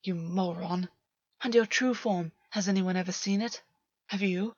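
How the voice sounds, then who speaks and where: A cunning fae man with a soft, mocking croon that often sinks to a hush, as a woman puts him on. The voice has a dry, dull, lo-fi sound. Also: on the low side, measured pace, husky, no room sound.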